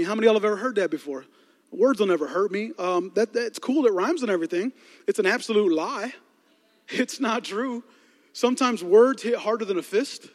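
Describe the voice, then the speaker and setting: A man's voice: high voice, fast. A man preaching a sermon as a pastor, telling comic stories with asides to the congregation. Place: large church hall. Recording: long hall reverb.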